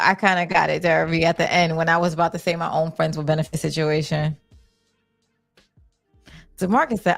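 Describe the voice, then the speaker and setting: A woman's voice: low voice, vocal fry. A young adult woman, hosting a live chat, candid and blunt, reading viewer comments. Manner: candid, blunt, swears casually. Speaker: livestream host.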